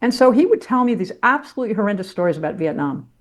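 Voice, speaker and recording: A woman's voice: medium pitch, very animated, rapid-fire. Older woman, podcast guest, candid storytelling, blunt, salty, self-mocking. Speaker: guest, former sportscaster turned teacher.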